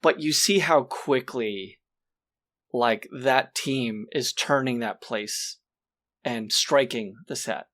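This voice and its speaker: A man's voice: mid-range voice, slow, a bit bright. A man talking at length as a podcast guest in a casual movie discussion, often checking in with "right?". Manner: talkative, explains at length, peppered with "right?".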